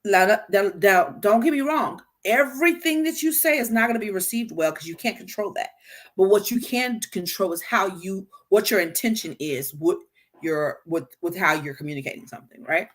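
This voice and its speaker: A woman hosting a casual talk on healthy communication, speaking straight to her listeners, animated and stumbling into frequent restarts and repeated words. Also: medium pitch, moderate pace. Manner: addresses listeners directly. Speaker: podcast host.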